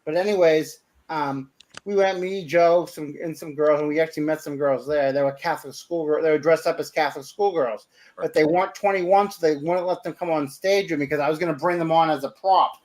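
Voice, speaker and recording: Man, podcast host, casual storytelling, animated, stumbling, high-pitched voice. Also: fairly quick. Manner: animated anecdote-telling with stumbles.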